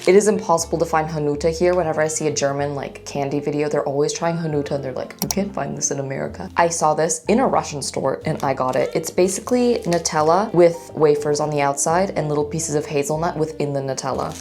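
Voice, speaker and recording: A young woman with a notably low voice talks through a snack taste test in a casual, chatty way. She gushes easily over little things, and soft music plays under her. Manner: chatty and excitable, gushing over small things. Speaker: food vlogger.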